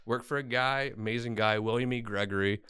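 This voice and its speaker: Speaking a little fast, the man has a clear, resonant voice of medium pitch. He's an attorney from Tennessee appearing as an interview guest, and he shares his story frankly, pokes fun at himself, and becomes animated while quoting people.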